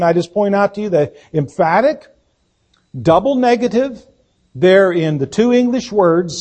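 A man preaching a sermon as pastor, speaking deliberately and emphatically, with fillers and restarts. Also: high voice, animated, warm tone. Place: church sanctuary.

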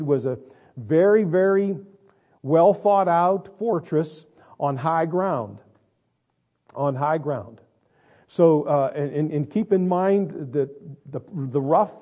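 A male pastor preaching a sermon, swinging between quiet asides and drawn-out, emphatic lines. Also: a little high, dull audio. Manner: dramatic, swings between quiet and loud, stretches words.

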